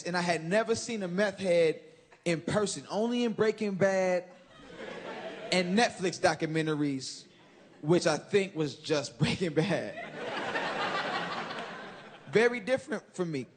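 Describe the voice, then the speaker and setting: A man from Chicago doing a loud stand-up routine on a club stage, switching into acted-out voices. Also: high-pitched, expressive, takes it slowly, pauses often. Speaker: stand-up comedian. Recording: loud crowd laughter and noise. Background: laughing crowd.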